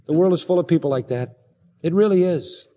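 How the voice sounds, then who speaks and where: A man's voice: fairly high pitch, fairly quick, mellow. A man preaching an expository sermon, emphatic, swinging his voice up and down to stress points. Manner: emphatic, rising and falling for stress. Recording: reverberant hall.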